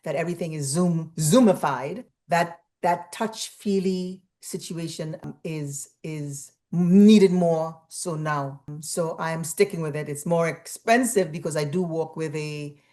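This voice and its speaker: A woman's voice: deep voice, unhurried, few pauses, warm tone. A woman from Trinidad, a guest on a radio interview, telling stories animatedly and acting out the dialogue she quotes. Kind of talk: casual interview chat.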